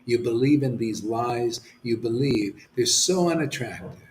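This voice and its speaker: Preaching with devotional fervor, this male spiritual teacher moves between near-shouting and quiet murmuring, stressing points, repeating lines, and using the casual word "man." He has a medium, animated voice and keeps a measured pace. The poor audio is reverberant with slight background noise.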